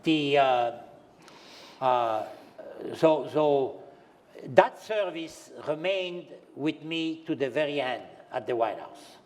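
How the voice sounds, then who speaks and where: High-voiced older French-accented storyteller. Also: male voice, slow. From France. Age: 70s. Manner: lively raconteur, chuckling, non-native grammar. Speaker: retired pastry chef, interview guest. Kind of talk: anecdotal storytelling on stage.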